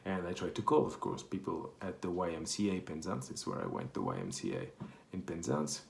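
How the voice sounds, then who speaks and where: A man's voice: deep voice, animated, brisk, gravelly, darkish tone. A man from Portugal with a Portuguese accent, telling a rambling, self-correcting story in casual chat. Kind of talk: casual anecdote. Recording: echoey room.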